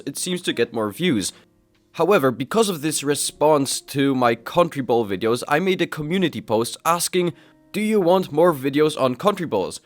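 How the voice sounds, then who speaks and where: A man hosting a casual commentary vlog, chatty and self-deprecating, addressing his viewers directly as he reviews comics. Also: a little high. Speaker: YouTube host reviewing comics.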